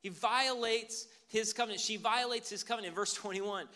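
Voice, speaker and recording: A man preaching a sermon as pastor, animated and conversational. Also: high-pitched, moderate pace.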